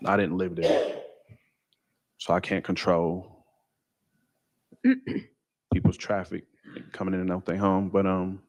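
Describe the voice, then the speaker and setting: A man telling a personal story in a casual, halting way with many fillers and restarts. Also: sits low, a little mellow, dry recording. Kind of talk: casual first-person account.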